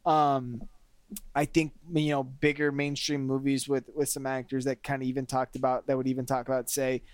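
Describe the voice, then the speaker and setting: A man co-hosting a casual podcast, talking in an animated way and leaning on "like" and "kinda". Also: medium pitch, normal speed, clear, resonant tone, dry recording. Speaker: podcast co-host.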